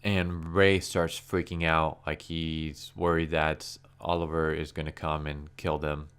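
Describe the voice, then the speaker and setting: A man talking through a comic in casual commentary, his tone sarcastic and fed up. His voice sits low, smooth and clean. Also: flat delivery, unhurried, a bit bright. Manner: sarcastic, exasperated. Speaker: comic book reviewer.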